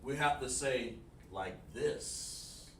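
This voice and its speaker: A man's voice: mid-range voice, extremely slow. A man teaching a live-streamed language lesson, repeating himself and asking the chat for feedback. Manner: repetitive, coaching, asks the chat for feedback. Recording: echoey room, distant mic, faint noise.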